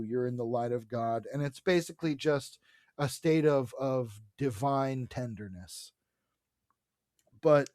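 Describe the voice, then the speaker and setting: Man, podcast co-host, eager storyteller, middle pitch, dry close sound. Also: a little mellow, no echo. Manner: enthusiastic retelling, many fillers. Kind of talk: casual chat about comics.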